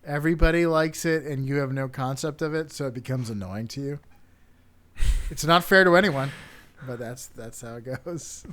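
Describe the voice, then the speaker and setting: A man co-hosting a casual comedic podcast chat, jokey and laughing often as he reads out facts haltingly. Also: medium pitch, a bit bright. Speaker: podcast co-host.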